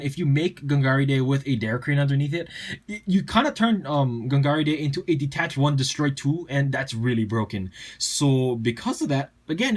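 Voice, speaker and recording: Young guy rattling off his card deck list super fast, casual and rambly, lots of um and like. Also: mid-range voice. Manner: rapid, chatty, lots of fillers and asides. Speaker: deck profile presenter.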